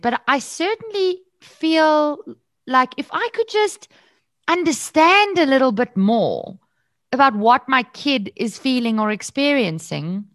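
A woman's voice: a little high, a bit bright, no echo. A woman co-hosting a podcast, talking reflectively, restarting and searching for words. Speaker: podcast co-host. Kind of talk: candid podcast chat.

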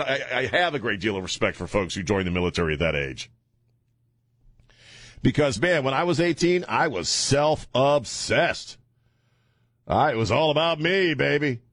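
A man's voice: mid-range voice, no echo. A man hosting a talk radio show, blunt and mocking, with a rambling delivery full of fillers. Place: radio studio. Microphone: studio microphone.

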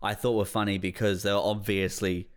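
A man's voice: lowish voice, flat delivery, fairly quick, clear, resonant tone. A man co-hosting a comedy podcast who speaks hesitantly and reflectively, with many fillers. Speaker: podcast co-host. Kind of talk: casual comedy podcast chat.

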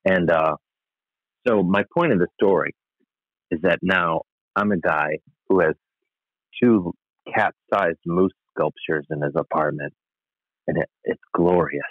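Deep-voiced and a little slow, pausing often, an American man tells a wry, meandering personal story as a podcast guest, full of asides. The audio is thin and phone-like, with no room sound.

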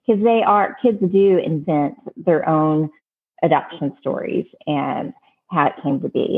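A woman's voice: low voice, vocal fry, slightly rough. A woman giving earnest, plainspoken advice in casual talk, often restarting her sentences. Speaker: adoption advice guest. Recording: phone-like narrow band.

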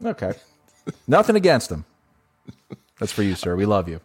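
A man co-hosting a casual film review podcast, self-mocking and quick to laugh. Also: fairly low pitch, wildly swooping pitch, slightly rough, faint music behind. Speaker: podcast co-host.

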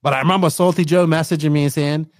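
A man's voice: fairly high pitch, steady tone, rapid-fire, gravelly, dry recording, clean studio sound. A man from Bermuda, casually rambling through his own story in an interview and often tagging his sentences with "right?". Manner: rambling, tags lines with "right?". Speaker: podcast host telling his story.

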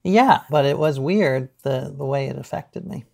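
A middle-aged man telling anecdotes as a podcast guest, animated, laughing easily and acting out what people said. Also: mid-range voice, moderate pace, vocal fry. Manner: animated storyteller, laughs often, acts out quotes. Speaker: guest author. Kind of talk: casual podcast interview.

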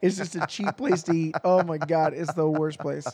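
A man's voice: fairly high pitch, fairly even intonation, moderate pace, darkish tone, slightly rough, dry recording. A young man chatting casually, telling stories with lots of laughter and acting out the voices of people in them. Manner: laughing storyteller, acts out quoted voices. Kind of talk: casual chat.

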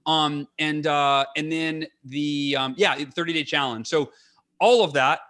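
A man's voice: fairly high pitch, fairly even intonation, a little slow, a bit bright. A man being interviewed as a guest on a podcast, talking in an earnest, enthusiastic way and often restarting his sentences. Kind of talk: casual interview talk.

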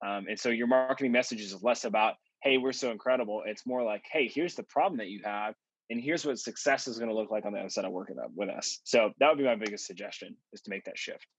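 A male podcast guest giving storytelling interview answers, animated and acting out the voices of people he quotes. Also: fairly low pitch, quick pace, slightly rough, no room sound, poor audio. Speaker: podcast guest, marketing consultant.

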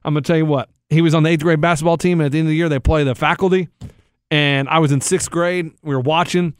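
A man telling animated stories in casual chat, swearing freely. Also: a little high, fast talker, clean tone, no room sound, clean studio sound.

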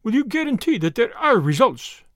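Brief: sinister Russian male plotter, soft amused delivery, high and lively; a male reader plays him. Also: normal speed, dry recording, clean studio sound. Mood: questioning.

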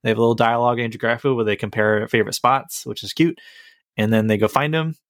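A man's voice: mid-range voice, fairly even intonation, fast talker, dry recording, clean studio sound. A man co-hosting a podcast, chatting casually and enthusiastically about a movie with a rambling, jokey manner. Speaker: podcast co-host. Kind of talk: casual movie review chat.

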